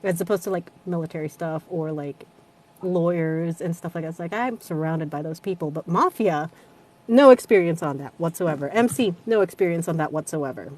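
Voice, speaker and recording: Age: adult. Sex: woman. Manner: chatty, laughing, casually swearing. Pitch: lowish. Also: normal speed, a little mellow. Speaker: audiobook narrator guest. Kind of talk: casual chat.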